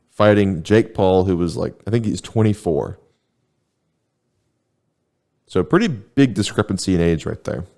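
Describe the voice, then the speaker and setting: Young man, very low voice, laid-back deadpan podcast co-host. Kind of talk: casual chat.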